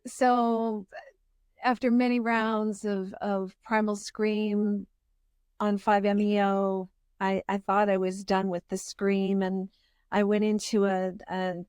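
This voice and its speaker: A woman's voice: mid-range voice, darkish tone, clear, resonant tone, dry recording, studio quality. A woman hosting a podcast, talking in an earnest, searching way with frequent restarts. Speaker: podcast host. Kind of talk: reflective interview chat.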